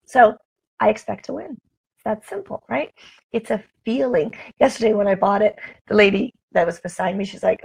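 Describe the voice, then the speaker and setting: A raspy, gravelly woman talks casually into her camera, upbeat and chatty, like a live morning chat with viewers. Her voice sits in a middle pitch with a rough, husky edge throughout. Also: fairly quick, poor audio. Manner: upbeat, chatty, laughs often, greets viewers by name. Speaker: motivational vlogger. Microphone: camera mic, talking straight to camera.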